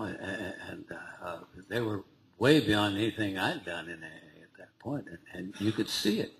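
A man speaking to a recovery meeting, telling his story in a halting, conversational way with frequent restarts and small laughs. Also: on the low side, a little hiss or hum, rough recording. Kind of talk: personal recovery story told to a group.

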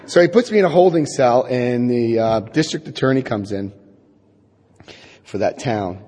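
A middle-aged man from New Jersey telling a personal recovery story, wryly and self-deprecatingly, acting out dialogue with halting restarts. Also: medium pitch, dark tone, breathy edge. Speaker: speaker sharing his recovery story. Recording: long hall reverb.

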